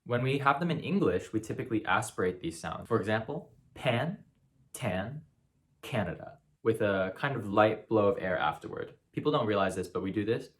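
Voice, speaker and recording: A young man giving a casual, friendly spoken lesson, encouraging and modeling sounds slowly. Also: fairly low pitch, expressive. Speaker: language teacher.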